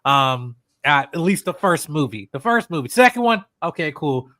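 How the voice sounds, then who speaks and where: Animated man chatting on a stream. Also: on the high side, normal speed, no room sound, studio quality. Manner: animated, laughing, many fillers. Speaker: guest panelist. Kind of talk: casual live-stream chat.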